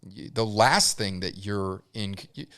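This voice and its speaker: A man hosting a podcast interview in a casual, halting way, restarting words and checking in with the guest. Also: lowish voice, fairly bright tone, clean tone. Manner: halting, restarts words, keeps asking "right?". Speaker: podcast host.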